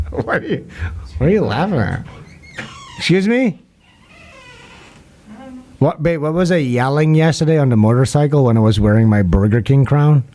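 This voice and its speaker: Male livestream host; loose, crude, mocking delivery with a lively, swinging pitch. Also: normal speed, long pauses. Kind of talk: casual livestream chat.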